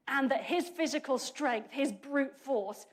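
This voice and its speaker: A woman preacher giving a chatty, humorous sermon, often correcting herself mid-sentence as she goes. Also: sits high. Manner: lively, chatty and humorous, with quick self-corrections.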